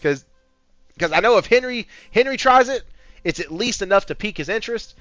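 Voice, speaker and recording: A man hosting a casual gaming podcast, talking in an amped-up, high-energy way and swearing freely. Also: expressive, fairly quick, a bit bright, dry recording. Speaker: podcast host. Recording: slightly muffled audio with faint background music.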